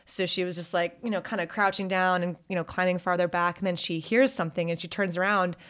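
A woman with a fairly low voice tells a story in a relaxed chat. She talks animatedly and slips into quick acted-out voices for the people in it. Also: clean tone. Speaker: podcast co-host telling a story. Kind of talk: casual chat.

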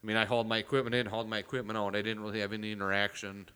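Easygoing man, bright voice, reverb. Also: lowish voice, little pitch movement, racing, clean tone. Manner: conversational, backtracks and corrects himself. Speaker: podcast co-host. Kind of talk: casual chat.

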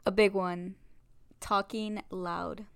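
A young woman co-hosting a podcast, talking in a relaxed, chatty way with a lot of "like" in a casual couple chat. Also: mid-range voice, takes it slowly, gravelly, clear, resonant tone. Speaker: podcast co-host.

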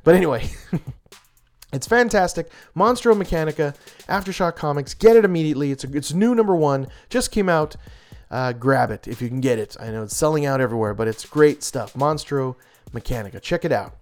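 A man talking through his picks of the week as a comic reviewer, with a slightly higher voice than most men. He gushes eagerly, often stumbling and restarting mid-phrase. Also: a little fast. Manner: animated, gushing, with many restarts and laughs. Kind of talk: enthusiastic casual review.

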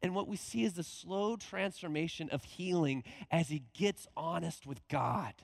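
High-voiced animated male pastor. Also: moderate pace, gravelly, dry recording. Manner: animated, acts out quoted voices with laughs. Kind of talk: conversational sermon.

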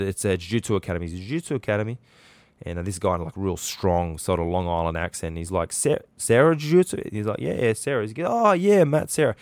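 A man's voice: deep voice, smooth, no room sound. An Australian man hosting a podcast, telling a story in a chatty, rambling way with lots of fillers and restarts. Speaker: podcast host. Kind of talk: casual storytelling.

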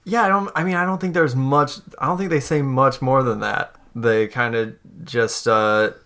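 A man narrating as game master, relaxed and teasing, laughing often as he describes scenes. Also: medium pitch, moderate pace.

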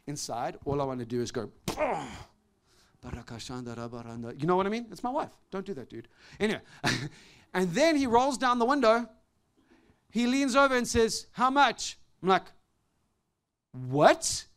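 A man's voice: high-pitched, animated, a little fast, clear, resonant tone. Man preaching a dramatic testimony. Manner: dramatic storytelling, swinging from loud outbursts to hushed tones. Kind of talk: sermon testimony.

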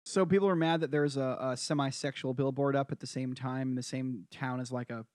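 A man co-hosting a comedy podcast, teasing and interrupting with quick questions. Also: medium pitch, steady tone, darkish tone, dry recording, clean studio sound. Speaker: podcast co-host. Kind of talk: casual comedy podcast chat.

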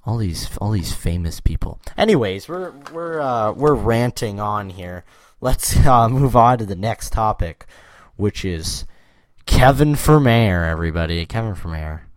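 A young man with a very deep voice chats on his podcast, drifting off topic and laughing at his own jokes. The sound is dry and close, with no room around it. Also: lively intonation, measured pace, dry recording. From Canada. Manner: rambling, jokey, laughs often. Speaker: podcast host. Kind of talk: casual podcast chat.

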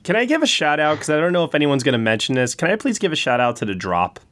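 A man's voice: on the high side, very animated, fast, a bit bright. A young man hosting a podcast, chatting casually and enthusiastically about films and laughing often. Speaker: podcast host. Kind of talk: casual chat.

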